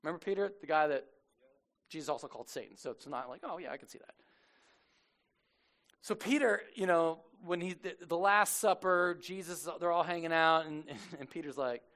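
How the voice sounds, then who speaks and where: The preacher is a man who tells Bible stories in everyday slang. His tone is loose and humorous, and he slips into quick character bits. He delivers the sermon as an easy, conversational talk. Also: fairly high pitch, fairly bright tone. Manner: casual, jokey storytelling, acts out characters. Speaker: pastor.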